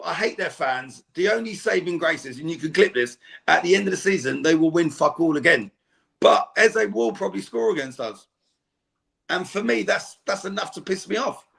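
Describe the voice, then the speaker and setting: Gravelly-voiced man ranting angrily. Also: sits high, a bit bright. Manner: angry, swearing rant. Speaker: fan guest on a football podcast. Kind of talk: heated podcast chat. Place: home.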